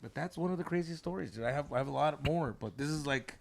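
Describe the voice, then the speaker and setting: A man's voice: on the high side, quick pace, vocal fry. A man in his thirties telling a wild story on a casual podcast, slangy, swearing often and mixing in Spanish words.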